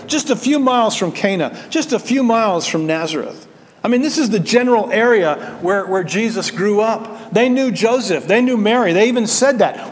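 Animated preacher in a reverberant hall. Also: male voice, high voice, normal speed. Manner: animated, acts out quoted voices, repeats words when restarting. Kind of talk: expository sermon.

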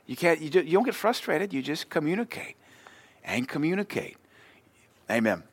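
A man's voice: a little high, big pitch swings, normal speed, husky. A man pastor giving a sermon in a conversational way, acting out short everyday exchanges. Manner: conversational preaching, acts out short dialogues.

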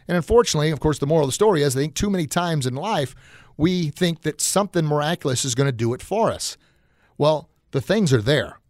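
A man's voice: on the high side, expressive, fast talker, a little mellow, no room sound, clean studio sound. A man hosting a motivational podcast, talking in a folksy, encouraging way with frequent filler words. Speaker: podcast host. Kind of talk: motivational talk.

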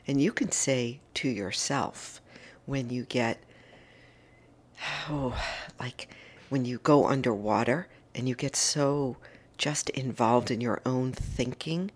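A middle-aged woman hosting a morning message, chatting in a casual, enthusiastic, motivational way. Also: extremely low pitch. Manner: chatty and enthusiastic, gushing over favourite things. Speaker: host of a daily morning message.

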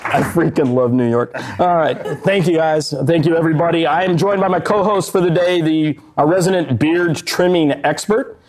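A man's voice: on the high side, moderate pace, few pauses, a crowd in the background. Upbeat man hosting a live show. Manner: upbeat, joking, playful. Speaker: podcast host. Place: event space with live audience. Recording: muffled live recording.

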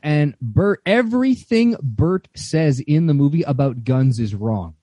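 Mellow, wry male guest with a dry, close sound. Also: a little high, expressive, measured pace, dry recording. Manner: wry, joking, emphatic. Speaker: podcast guest. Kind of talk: casual chat about movies.

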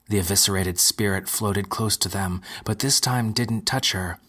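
Low, husky male narrator. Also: moderate pace, few pauses, sharp tone. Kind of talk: scripted narration.

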